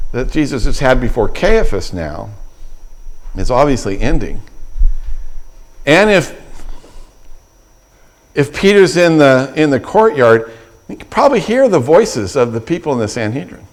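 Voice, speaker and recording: A man's voice: medium pitch, very animated, measured pace, pauses often. A middle-aged man preaching a sermon as pastor, retelling scripture with vivid, acted-out quotes and frequent restarts.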